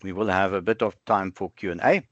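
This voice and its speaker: A man's voice: low voice, no echo. Guy doing a live webinar demo, chatty, keeps correcting himself, kinda dull dry call audio. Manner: conversational, self-correcting, halting fillers. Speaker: webinar presenter. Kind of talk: live software demo, thinking aloud. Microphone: online webinar with screen sharing.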